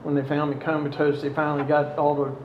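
A man telling his own story, slowly and haltingly, with many pauses. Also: on the high side, little pitch movement, reverberant, dull audio, background noise. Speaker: storyteller recounting past addiction. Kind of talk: personal testimony.

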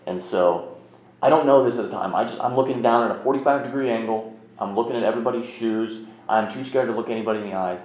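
A fast-talking man with a fairly low, slightly mellow voice recounts his own recovery. In his thirties, he rambles candidly and mocks himself along the way, in a roomy, somewhat muffled recording.

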